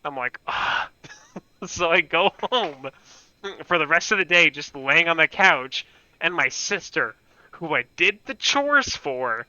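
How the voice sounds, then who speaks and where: A man's voice: fairly high pitch, expressive, measured pace, pushed and bright, clean tone, no room sound, lo-fi sound. A man telling a rambling story while playing a game, laughing often and swearing casually. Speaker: gaming streamer. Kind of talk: casual anecdote while gaming.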